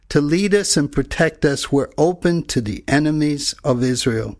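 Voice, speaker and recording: A male preacher delivering a sermon in an earnest, measured way, pausing to read scripture. His voice sits a little high for a man. The sound is dry and close, with no room echo.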